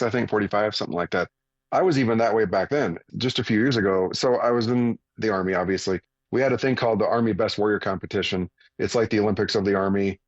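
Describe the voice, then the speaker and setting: A man's voice: lowish voice, no room sound, dull audio. A man in his forties, a radio guest telling a story in an earnest, plain-spoken way. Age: 40s. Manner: earnest, plain-spoken, animated when retelling. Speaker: radio guest, fitness coach. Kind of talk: conversational storytelling.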